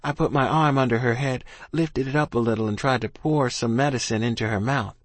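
A man narrating a story in first person, in an earnest, steady manner. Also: medium pitch, a little fast, no room sound. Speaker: audiobook narrator.

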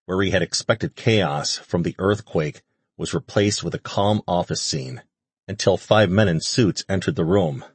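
Deep husky male audiobook narrator. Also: unhurried, no echo. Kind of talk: scripted narration.

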